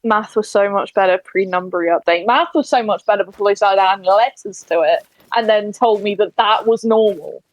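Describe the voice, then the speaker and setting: A woman's voice: medium pitch, fairly quick, few pauses, dry recording, poor audio. A woman in her twenties with a Somerset accent, chatting casually on a gaming stream, laughing often and poking fun at herself. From Somerset, England. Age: 20s. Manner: chatty, giggly and self-deprecating. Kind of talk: casual chat while gaming.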